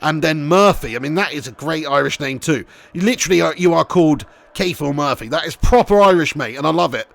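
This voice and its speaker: Excitable, high-voiced man streaming. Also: a little fast, creaky, hardly any pauses. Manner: excitable, swears freely, shouts at goals. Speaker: streamer playing a football career mode. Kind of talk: live gaming commentary and chat reading.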